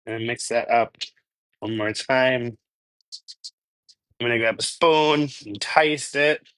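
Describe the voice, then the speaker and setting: Streaming live from his home kitchen, a Minnesota man who hosts a cooking channel rambles casually, laughs a lot and responds to chat. He has a mid-range, slightly bright voice and takes things slowly. The recording from this US Midwest host is rough, with no room sound.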